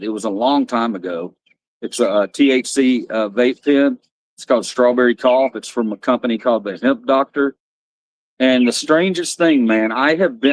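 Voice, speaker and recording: Male streamer, rambling and frank, mid-pitched voice, dry recording. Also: no room sound. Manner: rambling, blunt, swears freely. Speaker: livestream host. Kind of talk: casual livestream chat.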